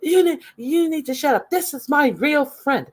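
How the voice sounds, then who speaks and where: High squeaky mock-voice, man putting on a frazzled whiny woman streamer, exaggerated. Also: animated, moderate pace. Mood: scolding. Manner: mocking, exaggerated.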